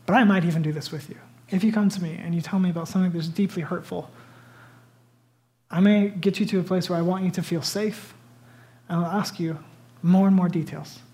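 A man preaching a sermon as a pastor, retelling stories dramatically, swinging between loud bursts and hushed whispers. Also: high-pitched, steady tone, a little fast, pauses often.

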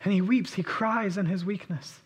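A man preaching a sermon, swinging between loud impassioned outbursts and hushed, intimate reflection. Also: high voice, fairly even intonation, normal speed, slightly rough. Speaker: pastor.

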